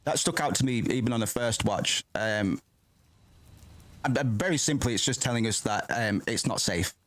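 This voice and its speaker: Here his mid-range voice moves at a moderate pace, with no room sound in the recording. Reacting to a film live, he's excitable and rambling, swearing often and interrupting himself as he goes.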